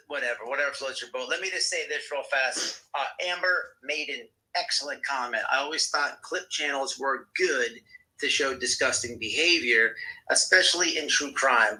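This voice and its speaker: A man hosting a live stream, talking casually in an animated, profane, ranting way. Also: mid-range voice, low-quality recording. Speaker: livestream host.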